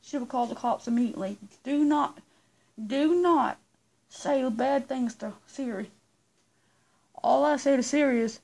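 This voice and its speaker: A woman talking straight to her viewers in a loose, rambling vlog style, often repeating her words. Her voice sits a little high but is dark and mellow in tone. There is a gravelly fry running through it. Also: a little slow, long pauses. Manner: chatty, rambling, repeats herself. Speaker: vlogger. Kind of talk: casual vlog chat to viewers.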